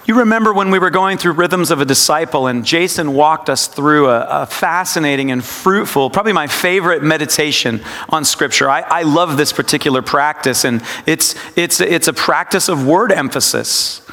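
A man giving a devotional sermon, speaking slowly and reflectively and repeating scripture lines with shifting emphasis. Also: a little high, sharp tone. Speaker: pastor. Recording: long reverb, hall-like.

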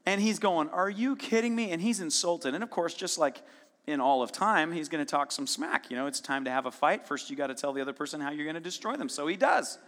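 A man preaching a sermon, retelling a story in a casual, lively way and voicing its characters with sudden bursts of intensity. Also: on the high side. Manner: storytelling with casual asides and quick dramatic voicing. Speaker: pastor. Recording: long reverb of a large hall.

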